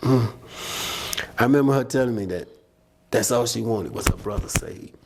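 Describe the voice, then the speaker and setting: Background noise accompanies a man speaking fairly quickly in a mid-range voice. A guest on a podcast, he offers an earnest, reflective, conversational faith testimony, voicing the people in the scenes he describes.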